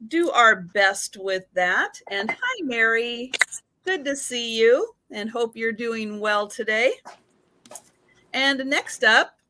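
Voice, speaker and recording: A woman's voice: on the high side, animated, slow, bright, forceful tone, a little hiss or hum. A woman hosting a live vintage sale, describing items carefully and greeting viewers by name in a casual chat.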